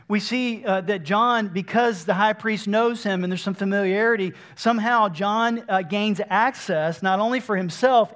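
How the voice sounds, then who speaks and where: A man's voice: high-pitched, a bit bright. A man preaching a sermon, explaining scripture earnestly and acting out the speakers in his own words.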